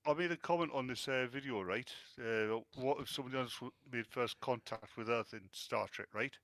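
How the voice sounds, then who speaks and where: A man's voice: medium pitch, a little fast, fairly bright tone, no room sound. Opinionated rambling man, dry mic. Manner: opinionated, rambling, lots of uh and restarts. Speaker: podcast co-host. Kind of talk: casual chat.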